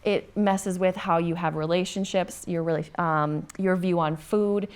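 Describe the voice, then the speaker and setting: A woman's voice: on the low side, steady tone, unhurried, darkish tone, clear, resonant tone. A woman with a Minnesota accent, a bodybuilding coach chatting as a podcast guest in an earnest way, with frequent ums and restarts. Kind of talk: casual podcast chat.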